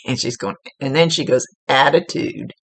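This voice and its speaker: Speaking at a normal speed in an extremely low female voice, a psychic medium relays messages during a spirit reading. She is earnest and chatty, repeating words for emphasis, and the recording is dry.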